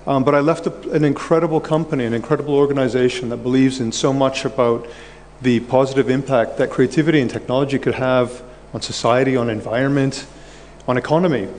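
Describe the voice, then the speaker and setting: A man talks on stage at a conference, nervous and halting, stumbling over words and repeating himself. His voice rings out into a large hall with long reverb, and a faint noise sits under it. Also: medium pitch, fairly even intonation, darkish tone. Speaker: conference guest speaker. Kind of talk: on-stage conversation.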